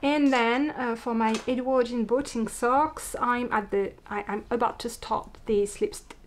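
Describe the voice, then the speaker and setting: A woman's voice: on the high side, steady tone, a little slow, a little hiss or hum. A woman with a French accent, a native French speaker, hosting a knitting podcast in a casual, chatty way and often restarting words and correcting herself. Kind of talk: casual chat.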